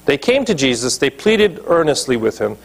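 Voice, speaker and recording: Male pastor mid-sermon, emphatic, keeps checking in with the congregation; husky tone. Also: medium pitch, very animated, moderate pace. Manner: emphatic preaching, checks in with listeners. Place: church.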